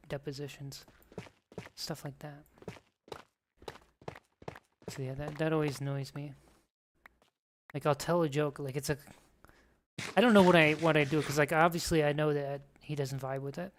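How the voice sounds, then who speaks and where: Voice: mid-range voice, moderate pace, long pauses. A streamer chatting casually while playing a game, telling rambling, joking stories. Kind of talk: casual chat while gaming. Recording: steady background noise.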